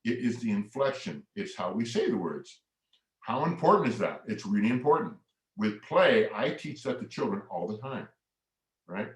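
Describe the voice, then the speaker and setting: A man's voice: fairly low pitch, normal speed. A man presenting a family workshop, reading poetry dramatically with big swings in volume and inflection, then explaining his method with enthusiasm. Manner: expressive, sweeping changes in volume and inflection when reading. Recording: echoey room.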